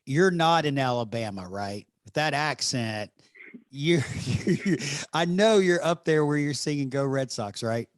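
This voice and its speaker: A man's voice: mid-range voice, expressive, normal speed, hardly any pauses, smooth, no room sound, studio quality. A man with a Southern accent hosting an interview, upbeat and friendly as he asks questions. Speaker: podcast host. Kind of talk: interview conversation.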